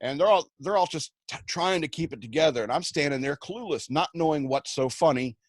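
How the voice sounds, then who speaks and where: A man's voice: on the high side, a little fast, dry recording. A man on a radio show, telling self-mocking comic anecdotes and acting out the quotes along the way. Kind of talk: comic storytelling.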